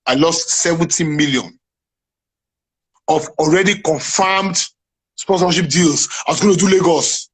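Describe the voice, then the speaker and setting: Nigerian man guest, high husky voice, emphatic, preachy. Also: unhurried, long pauses, low-quality recording. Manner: emphatic, preachy, repeats "are you getting me now". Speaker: guest, playwright and businessman. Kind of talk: animated interview chat.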